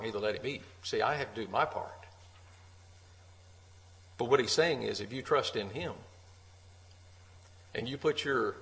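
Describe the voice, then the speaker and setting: A man's voice: mid-range voice, fairly bright tone, low-quality recording. A man preaching an earnest sermon at a church meeting, repeating key phrases for emphasis.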